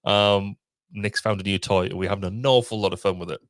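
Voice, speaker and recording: Wry, low-voiced male co-host. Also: fairly even intonation, fairly quick, no echo. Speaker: podcast co-host. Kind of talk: casual live-stream chat.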